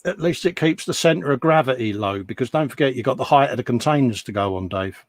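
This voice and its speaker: A man's voice: mid-range voice, expressive, brisk, no echo. A man hosting a casual chat while building a model, teasing and bantering. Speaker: host.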